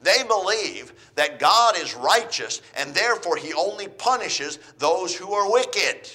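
Male preacher, fairly high and bright, dynamic sermon delivery with rhetorical questions. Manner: dynamic, swinging from loud emphasis to quiet, drawn-out stresses; asks the audience rhetorical questions.

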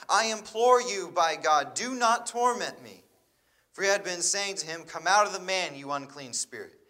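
A man's voice: high voice, sharp tone. A man preaching a sermon, reading scripture aloud and then explaining it with rhetorical questions to his listeners.

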